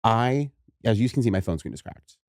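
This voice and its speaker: A man's voice: medium pitch, normal speed, dry recording, studio quality. A man co-hosting a podcast, ranting with lots of swearing in a casual chat. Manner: animated ranting, swears a lot. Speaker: podcast co-host.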